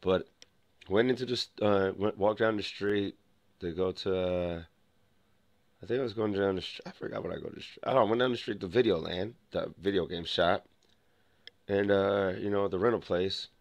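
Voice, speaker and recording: A young man with a low voice tells a story straight to the camera, rambling and restarting as he acts out who said what. The sound is dry and close, with no room around it. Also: steady tone, normal speed, dry recording, dull audio. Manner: rambling, full of restarts and quoted dialogue. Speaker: vlogger.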